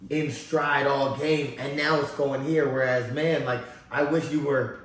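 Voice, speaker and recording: A man guesting on a podcast, telling stories in an animated way and acting out what people said. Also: mid-range voice, unhurried. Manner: animated storyteller, acts out quotes. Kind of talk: casual chat. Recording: echoey room, mic at a distance, faint noise.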